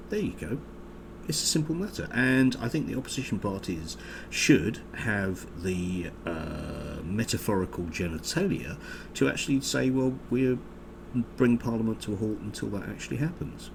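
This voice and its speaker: A man giving a casual political vlog monologue, sarcastic and halting, full of ums and uhs. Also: lowish voice, vocal fry, noisy background. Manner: sarcastic, halting with many fillers. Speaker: political commentator.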